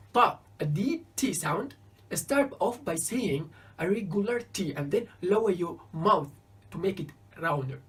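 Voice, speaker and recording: Slow, careful woman teaching letters. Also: on the low side. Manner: careful, spells out each letter and example word. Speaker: Arabic teacher. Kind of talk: slow beginner alphabet lesson.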